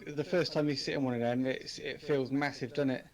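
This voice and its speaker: A man who drives trucks, chatting casually in a relaxed way and often trailing off mid-sentence. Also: mid-range voice, brisk. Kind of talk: casual chat.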